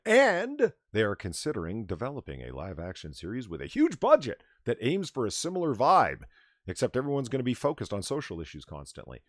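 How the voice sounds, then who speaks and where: Ranting sarcastic man, lively pitch. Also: a little fast, no room sound, clean studio sound. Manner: ranting, sarcastic, swears freely. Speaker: podcast host. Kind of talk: casual livestream chat.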